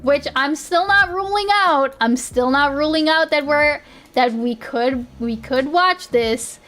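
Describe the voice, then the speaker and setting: A woman's voice: high-pitched, measured pace, fairly bright tone. A young woman streaming live, chatting casually in a giggly, rambling way with lots of restarts. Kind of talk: casual livestream chat.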